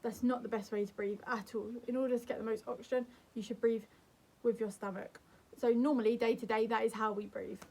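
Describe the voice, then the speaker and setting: A young woman vlogger giving calm, earnest advice to camera in a gentle, soothing way. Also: on the high side, fairly quick. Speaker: mental health vlogger.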